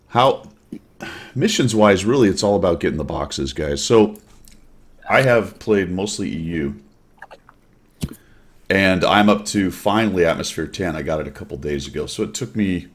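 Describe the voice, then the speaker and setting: A man hosting a casual chat in a wry, rambling manner. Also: sits low. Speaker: host.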